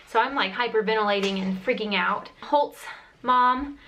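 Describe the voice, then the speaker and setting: A woman's voice: on the high side, moderate pace, sharp tone, a little hiss or hum, low-quality recording. A young adult woman vlogger telling a personal story in a chatty, earnest way, full of "like" fillers. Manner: earnest, emotional retelling with frequent "like" fillers.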